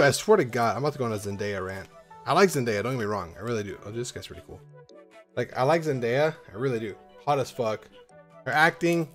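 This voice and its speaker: A man chatting casually at home while he opens card packs, with a medium-pitched voice. He wanders from topic to topic, swears often and sometimes lets out loud whoops. Faint music plays behind him. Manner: rambling, swears a lot, bursts into loud excited whoops. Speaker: YouTuber opening trading card packs. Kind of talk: casual rambling vlog. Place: at home in an apartment.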